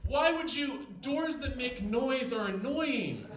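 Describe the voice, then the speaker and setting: Guy playing fed-up spaceship captain, lecturing, bouncy pitch, echoey. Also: animated, slow, recorded from a distance, a crowd in the background, full character voice. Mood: exasperated. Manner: exasperated, lecturing. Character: exasperated male starship captain. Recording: echoey stage mic.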